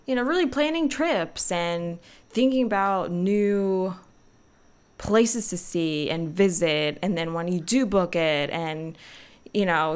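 With a smooth, medium-pitched voice, this young podcast host chats casually on her own, rambling and leaning on lots of filler words.

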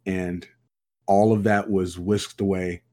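A man with a very deep voice talks in a relaxed group conversation. His manner is earnest and heartfelt. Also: slow. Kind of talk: casual group chat.

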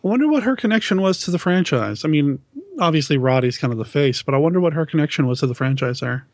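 A man's voice: on the high side, lively intonation, fast talker, no room sound. A man co-hosting a podcast, chatting casually about films with a self-deprecating, laughing manner. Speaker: podcast co-host. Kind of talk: casual film discussion.

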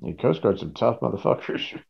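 A man playing a tabletop game, joking with quick asides. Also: fairly low pitch, big pitch swings, vocal fry, breathy edge, lo-fi sound. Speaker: player. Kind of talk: casual game chat.

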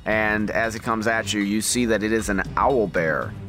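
Low-voiced man running a tabletop game. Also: moderate pace, faint music behind. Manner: relaxed, playful, hammy creature sounds. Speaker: game master.

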